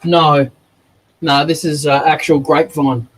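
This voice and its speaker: A man's voice: a little high, level tone, measured pace, rough recording. A man, hosting a woodworking livestream in a laid-back, casual way. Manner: laid-back and laughing easily. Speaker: woodworking streamer. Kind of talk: casual live chat.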